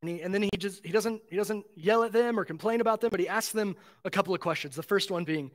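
A man's voice: high-pitched, quick pace, few pauses. A man preaching a sermon as pastor, earnest and emphatic, repeating key phrases and asking rhetorical questions.

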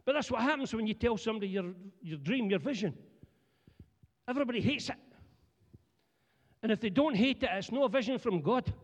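A middle-aged man with a Scottish accent preaching a humorous sermon, animated and joking as he talks to the congregation. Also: sits high, brisk, pauses often, highs cut off. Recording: long church hall reverb.

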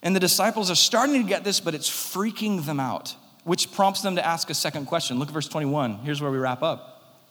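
A man preaching a sermon as pastor, swinging from loud emphasis to hushed, quiet lines. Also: a little high, brisk. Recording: long hall reverb.

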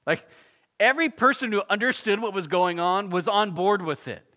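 A man preaching an expository sermon, reading scripture and explaining it in a casual, animated way with asides. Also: sits high, normal speed. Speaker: pastor.

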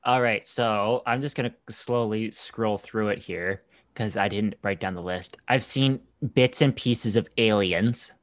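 A man's voice: on the low side, measured pace, no echo. A young man from Canada in casual chat as a co-host, an easygoing, rambling storyteller. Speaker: podcast co-host.

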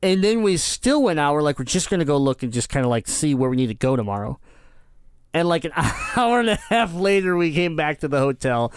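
A man co-hosting a podcast in casual chat, telling trip stories excitedly and laughing often. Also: on the high side, brisk, smooth, no echo. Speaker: podcast co-host.

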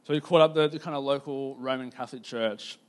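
A man preaching a sermon in a casual, conversational storytelling way, with lots of "like" fillers and slowing down to stress key points. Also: medium pitch, steady tone. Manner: casual, filler-heavy, slows down for emphasis.

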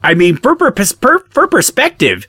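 A man's voice: high-pitched, wildly swooping pitch, normal speed, bright, forceful tone, slightly rough, no room sound, studio quality, heavily acted. A man playing an apologetic, slightly pedantic adventurer who talks politely with hesitations and stammers.

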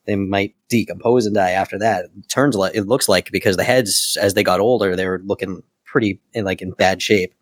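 A man's voice: sits low, steady tone, brisk, hardly any pauses. A man co-hosting a podcast, recapping a comic book in a rambling, casual way and laughing now and then. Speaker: podcast co-host.

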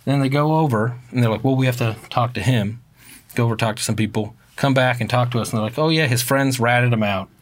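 A man in casual conversation, telling a story at an easy pace. His voice sits in an ordinary middle pitch. He talks loosely and swears freely, and he gets animated when he quotes others. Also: quick pace.

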